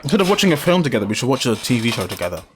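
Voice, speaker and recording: A man's voice: medium pitch, sing-song, very fast, over loud music. A man hosting a casual podcast, rambling with fillers and self-corrections. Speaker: podcast host. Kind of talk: casual chat.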